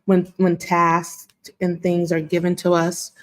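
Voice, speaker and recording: Earnest woman with a lowish voice. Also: monotone, slow pace. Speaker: panel guest. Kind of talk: casual panel discussion.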